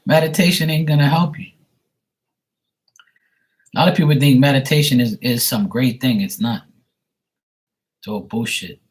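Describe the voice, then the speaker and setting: A man's voice: medium pitch, steady tone, normal speed, pauses often. A man who reads tarot on a live stream, ranting bluntly and profanely to his viewers. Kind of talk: casual rant to viewers.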